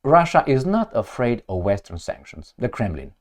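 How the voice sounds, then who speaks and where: A man's voice: mid-range voice, big pitch swings, moderate pace, a little mellow. A man who reads news headlines aloud and reacts to them with sarcastic, heated mockery. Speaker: political commentator.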